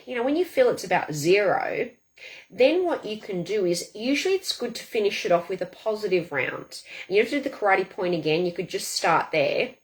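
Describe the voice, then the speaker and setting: A woman guiding a tapping session, saying affirmations aloud in a slow, deliberate rhythm. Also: medium pitch, expressive. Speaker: tapping coach. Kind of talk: guided tapping demonstration.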